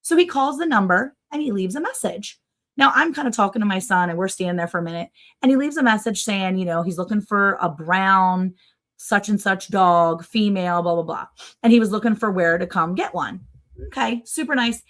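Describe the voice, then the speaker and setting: Middle-aged woman, livestream host, casual chatty storytelling, lively, acts out voices. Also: mid-range voice, a little fast. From Maryland, USA. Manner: animated storyteller, acts out other people's voices.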